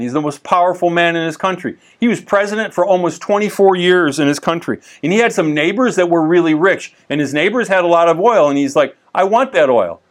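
Man, Bible teacher, conversational, animated storyteller, somewhat high-pitched. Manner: animated storytelling, frequent restarts and asides.

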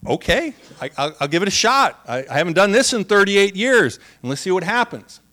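A man voicing a long-crippled man in a sermon, halting and stammering, quieter than his usual talk. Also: high-pitched, big pitch swings, heavily acted. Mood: hesitant.

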